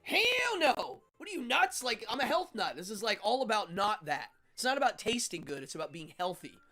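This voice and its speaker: A man voicing an indignant male health-food fanatic who shouts down his brother in exasperation. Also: high-pitched, big pitch swings, normal speed, faint music behind, pitched above the performer's own voice, full character voice.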